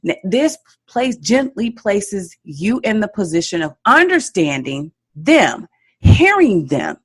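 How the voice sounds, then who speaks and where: A woman's voice: mid-range voice, big pitch swings, slow pace, breathy edge. A woman hosting a parenting podcast, giving emphatic coaching advice and checking in with "okay?" often. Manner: emphatic, repeats key points with frequent "okay?" check-ins.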